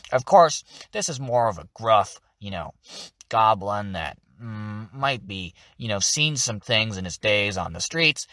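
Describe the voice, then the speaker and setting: Cast: weathered street goblin, low and gruff, done by a man, slow and growling, dry close mic. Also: big pitch swings, sharp tone, dry recording, exaggerated voice.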